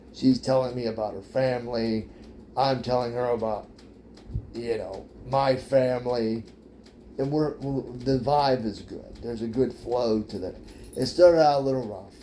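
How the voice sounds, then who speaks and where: A man's voice: medium pitch, warm tone, slight background noise. A man casually telling a personal story to his viewers, rambling and repeating words as he goes.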